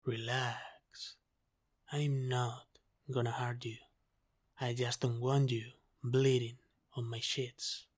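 A man voicing a commanding male pirate captain, stern yet protective, in an ASMR role-play. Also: mid-range voice. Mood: gentle. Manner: slow, measured, authoritative delivery.

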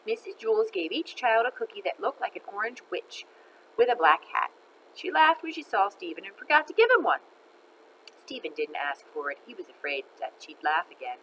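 A woman reading a children's book aloud in an expressive, animated way. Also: mid-range voice, normal speed, slight background noise, low-quality recording. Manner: expressive, animated, laughs between lines. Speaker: storyteller.

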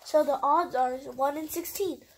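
A woman's voice: sits high, steady tone, measured pace. A woman reading the lines of an earnest young boy who explains things eagerly.

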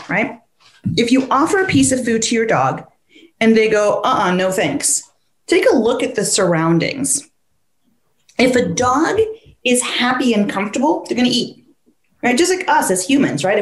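A woman dog trainer, a guest on a podcast, explaining training with animated stories and acting out her dog's thoughts. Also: a little high, echoey room. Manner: animated storyteller who acts out the dog's thoughts in quoted voices. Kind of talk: conversational interview, explaining with stories.

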